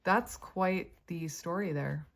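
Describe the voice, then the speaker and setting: A woman with a somewhat low voice gives a casual tarot reading straight to her viewers. She chats freely, thinks out loud and laughs often as she turns the cards. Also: slow, vocal fry. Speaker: tarot reader.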